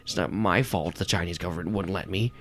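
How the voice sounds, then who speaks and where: A man's voice: low voice, fairly quick, fairly bright tone. A man doing an angry, ranting missionary husband. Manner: bitter, ranting.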